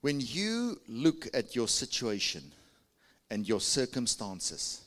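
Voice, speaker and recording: A very animated yet slow South African pastor preaches in a fairly bright voice. Through big pitch swings, he coaxes the congregation into answering and raising their hands.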